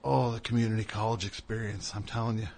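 A middle-aged man hosting a casual interview show, chatty, with rambling asides and many quick affirmations. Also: lowish voice, fairly even intonation, gravelly, a little mellow, a little hiss or hum. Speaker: radio host.

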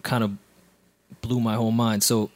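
A man's voice: medium pitch, level tone, moderate pace, darkish tone. A man co-hosting a podcast, telling stories in laid-back banter. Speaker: podcast co-host. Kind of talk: casual chat.

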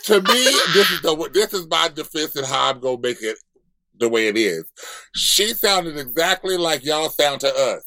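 A man's voice: on the high side, lively intonation, normal speed, sharp tone, no room sound. Easygoing, sassy male podcast host. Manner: easygoing, sassy, filler-heavy. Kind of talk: casual chat.

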